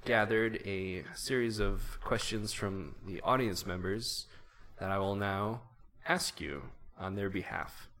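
A man's voice: on the low side, slow, fairly bright tone. A man hosting a casual interview, reading audience questions aloud in a wry, teasing way. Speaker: host.

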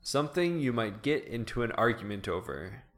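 A man's voice: medium pitch, very animated, moderate pace, a bit bright. A man hosting a casual podcast, reading out prompts and giving short, dry replies. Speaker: podcast host.

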